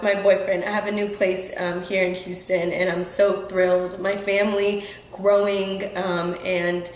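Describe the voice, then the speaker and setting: A woman with a mid-range voice hosts her own podcast from a room in her Houston home. She addresses her audience casually but earnestly, full of ums and restarts. The sound is roomy and the recording quality low.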